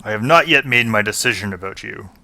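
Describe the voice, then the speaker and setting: A man's voice: fairly low pitch, animated, quick pace, creaky, sharp tone, dry recording, exaggerated voice. A man voicing a guarded, dismissive male dwarf in a tabletop game, speaking curtly. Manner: curt, dismissive.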